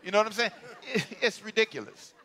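A male pastor delivers an animated sermon full of humor and call-and-response. His voice sits high and sounds bright and forceful. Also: quick pace.

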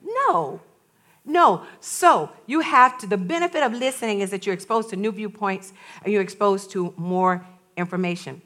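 An older woman and grandmother preaching a sermon, telling stories in a lively way and laughing often. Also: medium pitch, normal speed. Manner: storytelling, animated, laughs often.

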